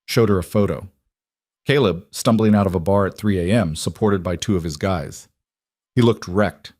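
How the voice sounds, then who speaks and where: A man reading a dramatic romance story as narrator, in an even storytelling manner. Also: low-pitched, normal speed, no room sound, studio quality.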